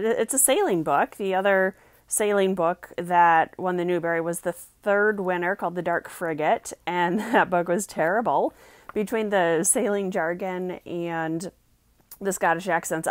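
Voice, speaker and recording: A woman's voice: lowish voice, dry recording. Woman, casual book review vlog, chatty, reads passages aloud, dry sound.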